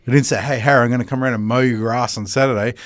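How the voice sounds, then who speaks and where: A man with an average-pitched voice, hosting a podcast chat in a blunt, plain-spoken way. He swears freely and jumps into acting out other people's lines. The recording is dry and close. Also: steady tone, very fast, no room sound. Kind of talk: casual conversation.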